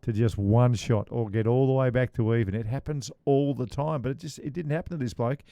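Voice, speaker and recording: A man's voice: mid-range voice, mellow, no room sound. A man co-hosting a golf podcast, chatting casually and joking with his co-host. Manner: chatty, joking, quick asides.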